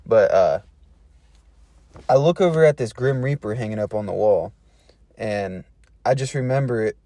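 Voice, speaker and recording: A man's voice: lowish voice, moderate pace, dark tone, no echo. A man telling a funny personal story in a laid-back, slangy way, chuckling between phrases. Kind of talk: casual storytelling.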